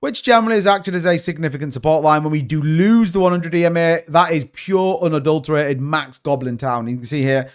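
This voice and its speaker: A crypto channel host gives casual market commentary on a live stream, animated and joking, repeating catchphrases. His voice is fairly high-pitched and smooth, and he talks briskly with few pauses.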